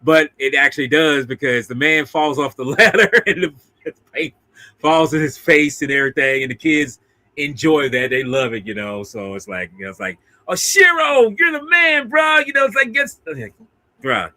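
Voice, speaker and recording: A man's voice: medium pitch, fairly even intonation, moderate pace, sharp tone, dry recording. A man casually recapping an old monster film, laughing often and acting out the characters in mock voices. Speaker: co-host of a film discussion video. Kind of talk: casual movie recap chat.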